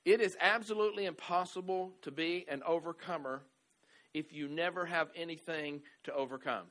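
A man preaching a sermon, moving between quiet conversational asides and loud emphatic declarations, often adding "right?" and "amen". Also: a little high, a little fast. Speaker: pastor.

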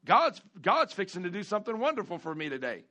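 A man's voice: sits high, very animated, quick pace, pushed and bright. A man preaching a sermon as pastor, folksy, repeating phrases and stretching key words for emphasis.

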